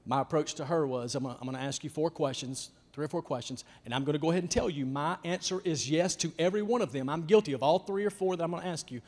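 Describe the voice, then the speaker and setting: A man, a youth pastor preaching in a folksy, emphatic storytelling style that swings from hushed to loud. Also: fairly high pitch, fast talker, hardly any pauses. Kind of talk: storytelling sermon. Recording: long hall reverb.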